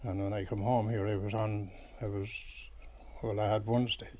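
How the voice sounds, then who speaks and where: A man's voice: fairly low pitch, level tone, normal speed, darkish tone, a little hiss or hum. An Irish man in an interview, recounting his own story in a rambling, homely way with many restarts. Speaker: pilgrim interviewee.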